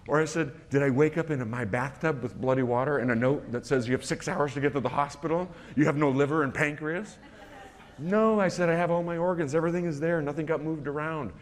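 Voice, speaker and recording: A man speaking at a conference, telling his own story and acting out the dialogue with his wife and doctors. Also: mid-range voice. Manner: animated storyteller, acts out dialogue. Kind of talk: personal story talk.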